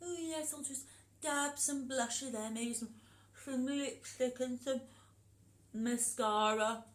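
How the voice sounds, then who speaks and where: A woman voicing a sly male wolf disguised as a grandmother, in a high, cackly, croaking old-lady voice. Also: takes it slowly, reverberant. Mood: preening.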